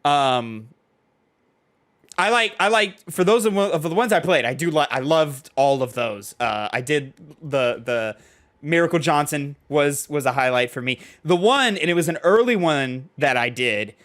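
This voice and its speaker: A young man co-hosting a casual chat show, retelling scenes in a lively way and acting out the quoted lines. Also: a little high, unhurried. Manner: animated storytelling, acts out quoted lines. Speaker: podcast co-host.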